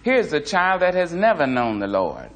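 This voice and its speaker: A man voicing a fervent male church preacher with a booming, slow, rising preaching cadence. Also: wildly swooping pitch. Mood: proclaiming.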